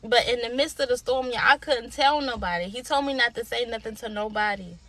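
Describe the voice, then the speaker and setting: A young adult woman addresses the camera as a motivational speaker, her voice fairly high, a little fast, pushed and bright. Speaking informally and colloquially, she delivers an inspirational talk with emphatic, repetitive exhortation, echoing her lines like a preacher rousing a crowd.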